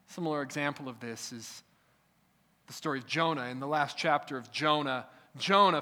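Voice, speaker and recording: A man preaching a sermon, emphatic and repetitive, who often drops to a quiet, low-key delivery. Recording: echoey hall.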